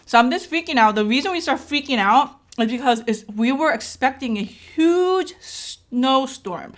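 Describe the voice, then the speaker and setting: Chatty vlogger mom with a somewhat high voice, telling a story while eating, loose and rambling. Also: female voice, expressive, moderate pace. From Korea. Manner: rambling, chatty, filled with "like" and "right?". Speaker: vlogger and mother. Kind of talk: casual mukbang storytelling.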